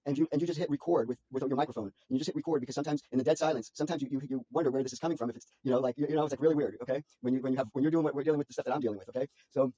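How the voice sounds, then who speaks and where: A man talking to his mother on a phone call, rambling anxiously with halting restarts and repeated words. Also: medium pitch, warm tone. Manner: anxious, frantic storytelling.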